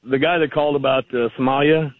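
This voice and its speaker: A man's voice: mid-range voice, steady tone, quick pace, dry recording. A man calling in to a radio show over the phone, arguing his point hesitantly with many fillers. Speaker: caller. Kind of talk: call-in radio conversation. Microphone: phone line. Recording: tinny phone line.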